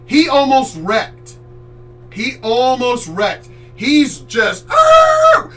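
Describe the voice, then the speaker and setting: A man from the Chesapeake Bay area telling a story in a casual, animated way, loud, swearing freely and acting out voices. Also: very high voice, extremely slow, far from the mic, over loud music. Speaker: streamer host.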